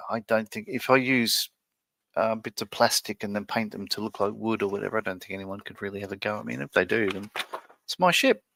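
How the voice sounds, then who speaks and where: Gravelly man musing on stream. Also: lowish voice, pushed and bright. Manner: musing, hesitant, many fillers and restarts. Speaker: livestream host building a model ship. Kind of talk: casual live-stream chat.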